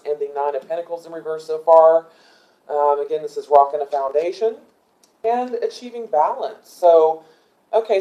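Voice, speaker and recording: A man's voice: on the high side, darkish tone, poor audio. A man doing a casual tarot reading, thinking aloud with many ums and asking angels for guidance as he goes. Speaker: tarot reader.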